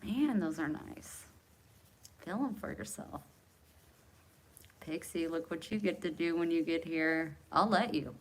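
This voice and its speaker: A woman's voice: deep voice, slow, long pauses. A woman in her forties hosting a casual livestream, joking and self-mocking as she chats with viewers and laughs often. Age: 40s. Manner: candid, self-mocking and jokey, chatting to commenters by name; laughs often between lines. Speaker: livestream host. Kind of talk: casual live chat with viewers.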